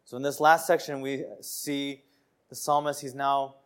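A man's voice: mid-range voice, little pitch movement, a little slow, smooth. A man preaching a sermon in an earnest, conversational way, repeating phrases and restarting sentences.

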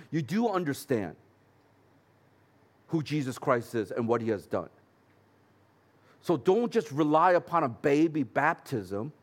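A man pastor preaching a sermon in an earnest, conversational way with light humorous asides. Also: fairly high pitch.

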